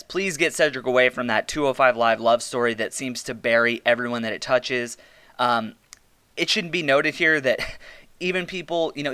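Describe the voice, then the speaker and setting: A man hosts a casual review podcast and talks through it in blunt, exasperated rants with plenty of swearing. His voice is bright and crisp, and it sits close and dry with no room echo. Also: mid-range voice. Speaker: podcast host reviewing wrestling.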